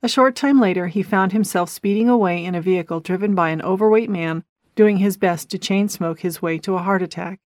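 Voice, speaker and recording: A man narrating an audiobook novel in a steady, measured storytelling voice. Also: sits high, no room sound, studio quality. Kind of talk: scripted narration.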